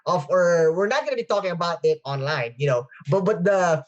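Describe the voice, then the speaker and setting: A podcast host on a video call who talks in an excitable, effusive way, laughs often and repeats phrases. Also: medium pitch, brisk, highs cut off. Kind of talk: interview chat.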